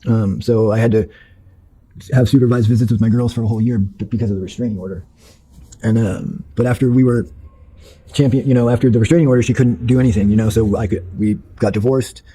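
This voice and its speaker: Fast-talking husky man, blunt and profane. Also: on the low side, fairly even intonation, dark tone, rough recording. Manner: blunt and profane, with many fillers; rambling, restarting sentences. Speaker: interviewee. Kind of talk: candid personal storytelling.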